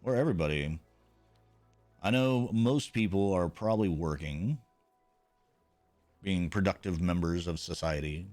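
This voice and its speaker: A man's voice: deep voice, unhurried, pauses often, darkish tone, faint music behind. A man streaming a video game, chatting casually with viewers in a laid-back, rambling, self-mocking way and swearing now and then.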